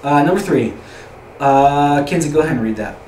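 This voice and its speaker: A man's voice: fairly high pitch, moderate pace, a little mellow. Young male youth leader, loose chatty teaching style, recorded from across a room with faint background noise. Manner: rambling, repeats words, asks the group questions. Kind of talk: informal youth group teaching. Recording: roomy echo, distant mic, faint room noise.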